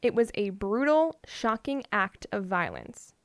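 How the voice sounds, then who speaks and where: This woman co-hosts a podcast, sharing odd stories playfully and casually with frequent laughter. Her mid-range voice has a sing-song lilt and moves a little slowly, and the recording is dry.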